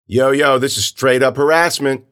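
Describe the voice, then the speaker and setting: A man voicing a mouthy, defiant teenage boy who protests loudly and indignantly. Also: mid-range voice, steady tone, moderate pace, pitched above the performer's own voice, close to an everyday voice. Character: brash young male teen, mouthy and defiant.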